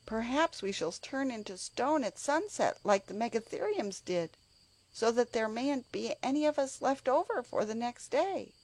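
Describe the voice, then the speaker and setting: A woman voicing an anxious, pleading young girl in a storybook reading, pitched far above her own voice. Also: expressive, unhurried, full character voice.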